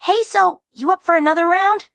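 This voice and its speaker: A woman's voice: very high voice, moderate pace, gravelly, a bit bright, no room sound, voice pushed up, full character voice. A woman voicing a cocky, overconfident male prankster who talks smugly and teases. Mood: gleeful. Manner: smug, teasing.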